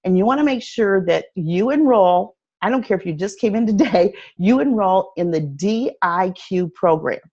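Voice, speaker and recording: A woman giving a casual sales training talk, telling stories in a chatty, animated way full of fillers and restarts. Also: medium pitch, normal speed, few pauses. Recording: dull lo-fi recording.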